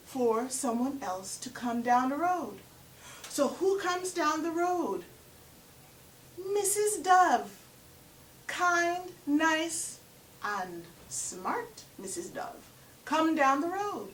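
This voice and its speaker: Woman storyteller, lively folktale telling, high voice, echoey room. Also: takes it slowly, long pauses. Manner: lively, inviting listeners to count along. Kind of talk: animated folktale telling to listeners. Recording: roomy echo from far off.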